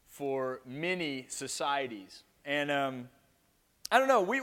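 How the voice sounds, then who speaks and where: A man's voice: fairly high pitch, fairly bright tone. A man preaching a sermon with playful jokes to a live audience after an opening prayer.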